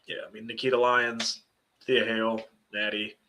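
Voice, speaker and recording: Bright-voiced man chatting on a podcast. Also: medium pitch, flat delivery, normal speed, a little hiss or hum. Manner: chatty, loose and joking, trails off and restarts. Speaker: podcast co-host. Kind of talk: casual chat.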